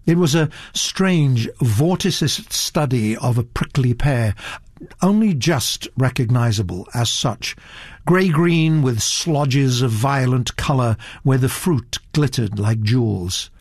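A man reading a story aloud as narrator, measured and expressive. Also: mid-range voice, no echo, clean studio sound. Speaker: audiobook narrator. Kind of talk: scripted narration.

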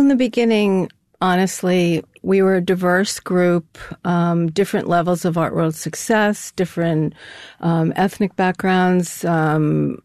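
A woman's voice: fairly low pitch, a little mellow, dry recording, clean studio sound. An older woman, a guest in an interview, talking in a casual, chatty way. She rambles a little and laughs often. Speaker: guest, co-founder of an anonymous artist collective.

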